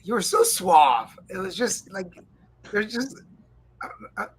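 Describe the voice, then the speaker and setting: A man's voice: high voice, sing-song, measured pace, slightly rough, poor audio. A man hosting a live-stream interview, asking long rambling questions that stop and restart. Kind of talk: casual interview.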